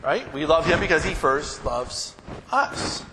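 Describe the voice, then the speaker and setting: A man preaching a sermon as pastor, animated and often checking in with his congregation. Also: fairly high pitch, measured pace, in a large hall, noisy background.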